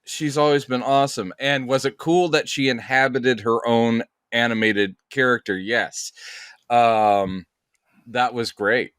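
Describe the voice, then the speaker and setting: His voice is mid-range and steady, a little slow, fairly bright and clean, captured dry in clean studio sound. He's a podcast co-host chatting casually, rambling along with lots of fillers and restarts.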